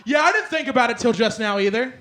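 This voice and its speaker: A young man performing a stand-up set on a club stage, rambling through a story with lots of fillers and bursts of loud acted-out lines. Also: very high voice, lively intonation, fast talker, noisy background. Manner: rambling storyteller, filler-heavy, swings loud when acting out others. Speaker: stand-up comedian. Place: comedy club stage with laughing audience. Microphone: handheld stage mic.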